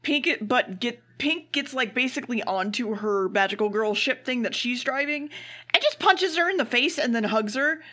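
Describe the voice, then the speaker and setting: A woman's voice: fairly high pitch, lively intonation, moderate pace, sharp tone. A woman co-hosting a casual anime podcast, summing up episodes bluntly and swearing freely. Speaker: podcast co-host. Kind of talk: casual comedic anime recap.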